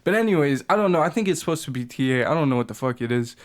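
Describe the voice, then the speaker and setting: A young man co-hosting a podcast, speaking in a slangy, animated way with lots of swearing and hesitant fillers. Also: fairly high pitch, very fast. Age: young adult. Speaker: podcast co-host. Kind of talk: casual chat.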